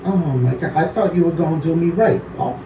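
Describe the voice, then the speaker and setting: A man giving loud, joking gameplay commentary, often shouting. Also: fairly high pitch, brisk, reverberant, distant mic, highs cut off, over music. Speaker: gaming video creator.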